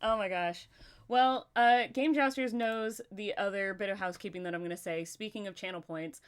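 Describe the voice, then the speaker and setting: A woman hosting a casual livestream chat, talkative and quick to laugh, often talking to herself as she goes. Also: mid-range voice, steady tone, clean tone. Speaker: livestream host.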